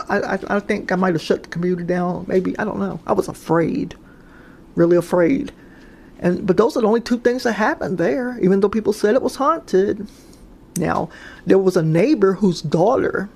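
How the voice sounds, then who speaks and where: A woman casually recounts her own paranormal experiences, hesitant and rambling, with many restarts and fillers. Her voice is on the low side, creaky, darkish and slightly rough.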